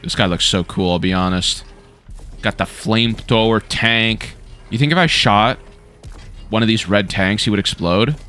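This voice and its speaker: A man casually commenting while he plays a game, excitable and quick to swear and react. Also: lowish voice, soft background music. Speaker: gaming YouTuber. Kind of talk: casual let's-play commentary.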